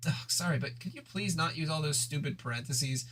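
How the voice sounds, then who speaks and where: A man's voice: fairly high pitch, fairly quick, a bit bright, lightly acted. A man voicing a grumpy, easily annoyed young human girl in an irritable, whiny way, as he reads a webcomic aloud with voices.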